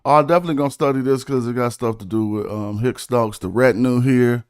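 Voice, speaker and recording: A man's voice: mid-range voice, steady tone, fast talker, clear, resonant tone, dry recording, studio quality. A man streaming casually, chatting. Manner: laid-back slang, breaks down rhymes syllable by syllable. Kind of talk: casual livestream chat about rap and study.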